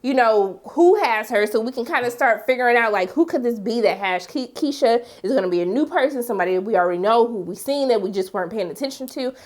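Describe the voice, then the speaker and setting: A woman giving a casual recap of a TV episode, animated, talking straight to the characters. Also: fairly high pitch, quick pace, hardly any pauses. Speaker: TV recap host.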